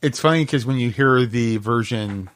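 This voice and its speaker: A man co-hosting a podcast, chatting casually about music, unhurried and hesitant, often laughing. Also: medium pitch. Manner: unhurried, giggly, hesitant with fillers. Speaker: podcast co-host.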